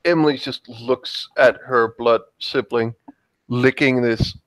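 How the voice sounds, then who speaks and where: A man's voice: mid-range voice, steady tone, slow, fairly bright tone, dry recording, low-quality recording. A man playing a tabletop game, casually narrating what his character does. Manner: casual, rambling. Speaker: player.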